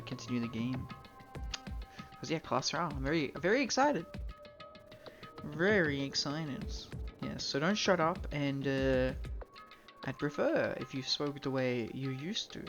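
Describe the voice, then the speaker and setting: A male streamer chats loosely at his desk mic, rambling between jokes and freely dropping swear words. His voice sits at a middling pitch, and the recording is a little dull and lo-fi, with faint music playing behind him. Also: gravelly. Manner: rambling, joking, swears freely, mock-formal bits. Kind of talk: casual live-stream chat.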